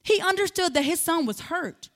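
A woman's voice: very high voice, expressive, moderate pace, a bit bright. A woman preaching a sermon in a conversational way, building to emphatic, rising passages.

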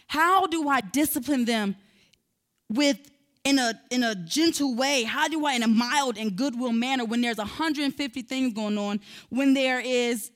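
Animated high-voiced woman. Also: normal speed. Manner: animated storyteller, addresses listeners directly. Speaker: speaker teaching on parenting. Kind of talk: sermon-style talk with personal story.

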